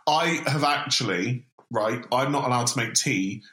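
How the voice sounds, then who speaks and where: A man co-hosting a podcast in casual chat, giving dry, deadpan reactions. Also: mid-range voice, unhurried. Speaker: podcast co-host. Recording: echoey room.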